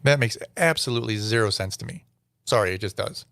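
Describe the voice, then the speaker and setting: A man's voice: on the low side, a little fast, creaky, a bit bright, dry recording, clean studio sound. A man hosting his own commentary vlog, reading text aloud and answering it with sarcastic, incredulous asides. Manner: sarcastic, incredulous asides between read-out quotes. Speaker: show host.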